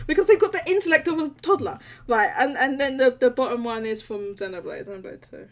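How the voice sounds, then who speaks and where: A woman's voice: sits high, animated, normal speed, a bit bright, far from the mic. A woman hosting a casual call-in stream, laughing often and restarting her sentences. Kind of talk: casual chat.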